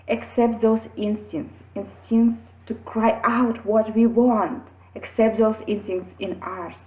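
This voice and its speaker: A woman speaking earnestly about her own parenting, in a halting way with pauses and restarts. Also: lowish voice. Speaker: mother sharing parenting experience. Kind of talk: earnest personal talk to camera. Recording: tinny phone-like sound in an echoey room.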